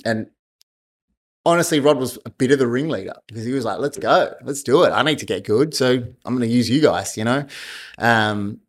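A man's voice: medium pitch, fairly quick. A man telling a fight story in a casual chat, swearing and laughing often. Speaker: guest, martial arts fighter.

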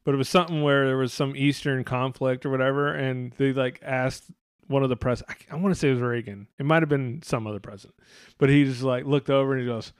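A man's voice: mid-range voice, steady tone, fast, clear, resonant tone, no echo, clean studio sound. A man hosting a podcast in casual chat. He rambles, swears a lot and laughs often. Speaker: podcast host.

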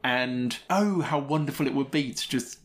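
A man's voice: mid-range voice, normal speed. A man co-hosting a podcast, giving chatty, opinionated film reviews and laughing often. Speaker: podcast co-host. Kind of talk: casual film review chat.

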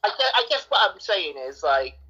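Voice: medium pitch, big pitch swings, moderate pace, sharp tone, slightly rough, highs cut off. A podcast co-host in a casual film review chat, hesitant and thoughtful, often restarting sentences.

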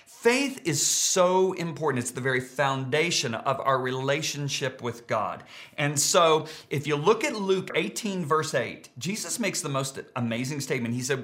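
A middle-aged pastor preaching a sermon, emphatic and repeating key words for stress. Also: male voice, a little high, expressive, normal speed, a bit bright.

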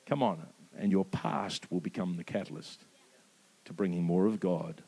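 A man, preaching a sermon with impassioned emphasis that rises to peaks and drops soft. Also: sits low, steady tone, moderate pace, slightly rough. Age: 50s. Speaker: pastor.

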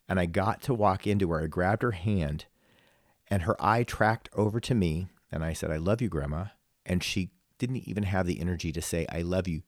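A man with a deep voice tells a personal story on a casual talk show, reflective and emotional. He halts often and restarts his sentences. The recording is close and dry, with no room sound. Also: darkish tone, no room sound. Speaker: podcast co-host.

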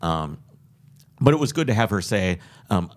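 A man's voice: low-pitched, very animated, moderate pace. A man on a podcast telling a long road trip story, rambling and earnest with many restarts. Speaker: podcast host. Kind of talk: casual podcast chat.

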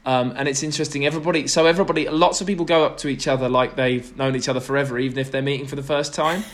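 A man's voice: mid-range voice, fairly even intonation, racing, a bit bright. A young man, a podcast guest, telling stories in a rambling, self-deprecating way with lots of restarts. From Britain. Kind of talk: casual chat.

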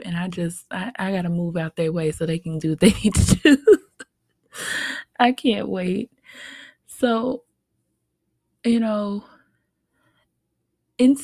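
A young woman hosting a solo podcast, talking softly and from the heart, with small laughs between her thoughts. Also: on the low side, no room sound. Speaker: podcast host. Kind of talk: reflective solo podcast talk.

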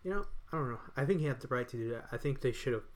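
Guy rambling on a podcast, mid pitch, keeps restarting his sentences. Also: lively intonation, racing. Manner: rambling, loose, with many restarts. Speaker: podcast co-host. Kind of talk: casual chat.

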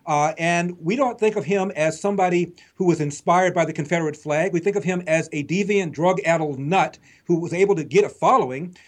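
A man's voice: fairly high pitch, fairly quick, few pauses. A man in casual political talk, dry and sardonic, pointing his questions at the host. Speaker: guest.

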